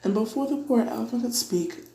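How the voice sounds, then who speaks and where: A woman reading a children's storybook aloud, giving the characters livelier, higher voices. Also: a little fast, echoey room, poor audio. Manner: lively, voices dialogue with pitch jumps. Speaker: audiobook reader. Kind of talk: read-aloud storybook narration.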